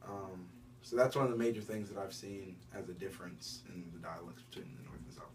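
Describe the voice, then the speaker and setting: Man from washington dc, slightly low voice, hesitant and relaxed, distant mic, faint hiss. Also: quick pace, a crowd in the background. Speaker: interviewee. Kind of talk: casual interview answer.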